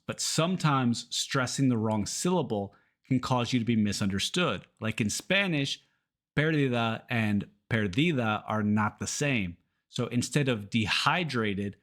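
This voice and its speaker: A man from runs an English pronunciation lesson at an unhurried pace. His voice sits at an ordinary middle pitch, and he models each word carefully, repeating it so learners can copy him. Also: fairly bright tone. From Kentucky, United States.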